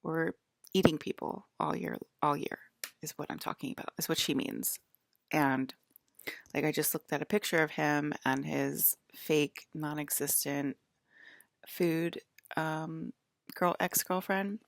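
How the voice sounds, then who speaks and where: A woman's voice: deep voice, fairly even intonation, unhurried, gravelly, no room sound, studio quality. A woman in a rambling personal monologue, leaning heavily on "like" as she talks. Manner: rambling, heavy use of "like". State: close to tears.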